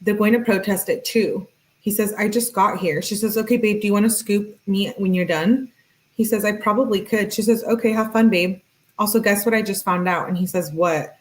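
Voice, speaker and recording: A woman reads a string of text messages aloud in a mid-pitched voice, mostly plain and steady. Now and then she stops to add a casual, offhand comment of her own before going back to reading. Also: moderate pace, poor audio. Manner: plain read-aloud delivery broken by offhand asides. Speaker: channel host.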